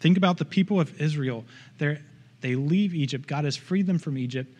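A man's voice: on the high side, normal speed, a little mellow. A man preaching a sermon in church, in an earnest, conversational way with frequent asides to the congregation. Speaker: pastor.

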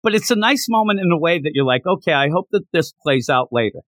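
Animated man in a dry close recording. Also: a little high, dry recording. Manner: animated, acts out character lines in quick voices. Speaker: podcast co-host. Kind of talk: casual manga discussion.

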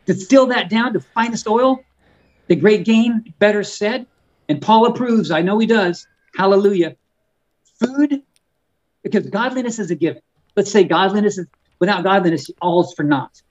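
A man, an author and guest on a podcast, talking in a fervent preaching style, often repeating words and slowing down on key words. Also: high-pitched, dull audio. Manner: fervent and emphatic, stretching key words slowly; frequent stumbles and repeated words. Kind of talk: preaching-style conversational talk.

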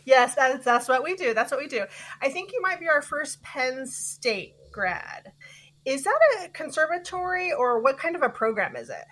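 High-pitched, playful woman co-host. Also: animated, a bit bright. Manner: playful, teasing, quick to laugh. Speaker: podcast co-host. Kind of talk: casual interview chat.

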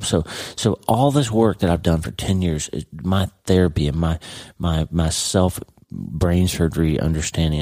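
A man's voice: low-pitched, warm tone, no room sound. A middle-aged man hosting a podcast, talking earnestly and heartfelt straight to his listener in a personal monologue. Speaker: podcast host.

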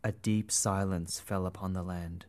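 Guy reading a story aloud, gentle and expressive, lowish voice. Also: unhurried, clear, resonant tone. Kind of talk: storybook narration.

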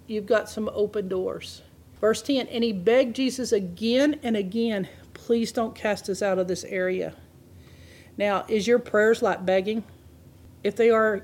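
A woman's voice: on the high side, a little mellow. A woman preaching a sermon, reading scripture aloud and laughing often as she explains it.

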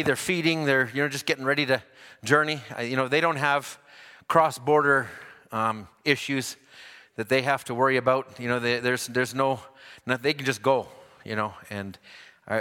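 High-voiced preacher in an echoing hall. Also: male voice. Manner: folksy, joking asides, builds to loud emphatic scripture reading. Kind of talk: sermon.

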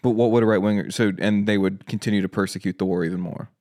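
A man debating the war on a casual podcast, speaking in halting bursts full of "like" and "right?". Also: on the low side, fairly even intonation, a little mellow. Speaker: podcast guest.

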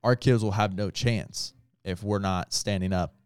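A man's voice: on the low side, steady tone, unhurried, smooth, no echo. A man who is a pastor, talking casually and earnestly with lots of filler words. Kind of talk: casual podcast talk.

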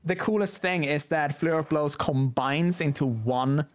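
A man playing a tabletop game, explaining his attacks in a halting way with many fillers. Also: on the high side, very noisy. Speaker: player.

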